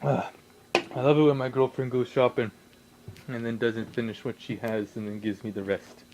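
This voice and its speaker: A young man rambling casually in his home workshop, swearing a lot and breaking into sudden loud outbursts. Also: mid-range voice, little pitch movement, moderate pace, slight background noise, low-quality recording. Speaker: vlogger.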